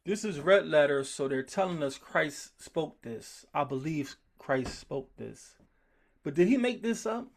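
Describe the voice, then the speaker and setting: Animated, high-pitched man teaching scripture. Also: unhurried, creaky. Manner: animated, emphatic, gets worked up. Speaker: Bible study teacher. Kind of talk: group scripture study.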